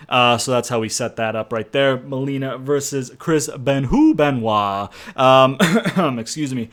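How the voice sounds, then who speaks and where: A man's voice: medium pitch, animated, a little slow, a bit bright. A young man casually narrating storylines for his game-mode series, rambling with lots of fillers and the odd curse. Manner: rambling, filler-heavy, profane. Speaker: video game channel host.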